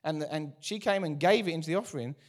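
A man preaches a sermon to a live congregation at a rapid clip. His voice sits a little high, and he is animated and throws in joking asides. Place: church before a congregation.

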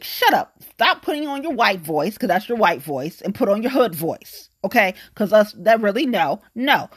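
A woman's voice: mid-range voice, sing-song, normal speed, husky. A woman in her late thirties with an African American English accent, ranting about politics in a blunt, profane, fired-up way. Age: 30s. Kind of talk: casual political rant.

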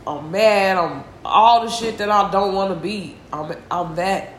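A distressed, tearful woman hosting a solo confessional podcast, venting slowly and heavily with sighs and a lot of swearing. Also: mid-range voice, reverberant, a little hiss or hum. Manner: slow, heavy, profane venting with sighs. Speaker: podcast host.

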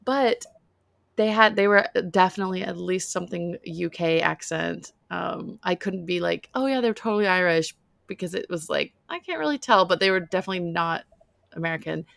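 A woman's voice: fairly low pitch, normal speed, gravelly, fairly bright tone, dry recording. A woman co-hosting a podcast, chatting casually and telling stories with plenty of fillers. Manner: chatty storyteller, filler-heavy. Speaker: podcast co-host. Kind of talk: casual chat.

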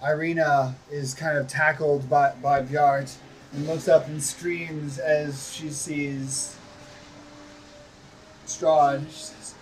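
Unhurried game master, distant mic. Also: male voice, a little high, flat delivery, a little hiss or hum. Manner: unhurried, hesitant restarts. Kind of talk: narrating a tabletop game.

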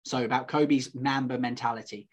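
A man's voice: mid-range voice, fairly even intonation, moderate pace. Easygoing man, says "mate". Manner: easygoing, laughs often, says "mate" a lot. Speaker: podcast co-host. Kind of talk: casual sports chat.

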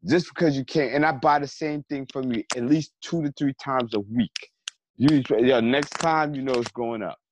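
A man's voice: mid-range voice, normal speed. A man in casual conversation who tells a story with energy and acts out both sides of an argument. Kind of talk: casual chat. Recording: slightly dull, faint background noise.

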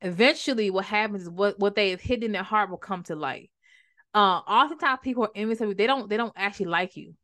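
Give me an animated woman teaching the Bible in a casual podcast chat. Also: mid-range voice, quick pace. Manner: animated, conversational, repeats words for emphasis.

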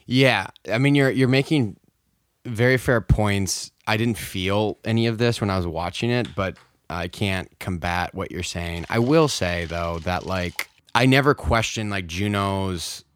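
A man co-hosting a podcast in casual movie talk, animated and quick, full of fillers and restarts. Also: lowish voice, clear, resonant tone. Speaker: podcast co-host.

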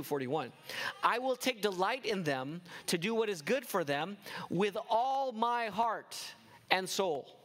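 Male pastor, high voice, passionate preaching full of rhetorical questions. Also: fairly bright tone. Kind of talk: sermon.

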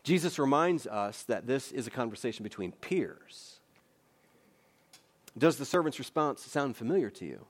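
A man's voice: medium pitch, big pitch swings, moderate pace. A man preaching a sermon as pastor, earnest and emphatic, with repeated phrases and conversational rhetorical questions.

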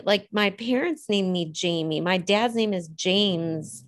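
A woman's voice: medium pitch, moderate pace, few pauses. A woman being interviewed, telling a personal story in a reflective, hesitant way, choosing her words with care. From Illinois. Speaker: interview guest.

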